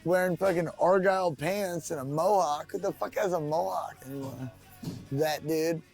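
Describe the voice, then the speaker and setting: High-voiced, brash, profane man. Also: normal speed, vocal fry, a little mellow, soft background music. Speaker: band member. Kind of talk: documentary interview storytelling.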